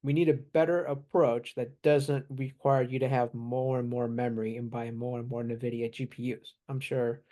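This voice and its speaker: Man, mellow tone, relaxed explainer, casual chat, small laughs. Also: medium pitch, moderate pace, hardly any pauses. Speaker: AI expert guest.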